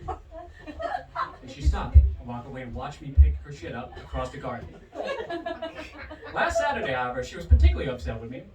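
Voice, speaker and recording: A man doing a stand-up comedy set at a bar comedy night, animated and swinging his pitch hard for punchlines. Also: moderate pace, pauses often, music in the background. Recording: roomy, distant bar recording with audience. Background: crowd laughter.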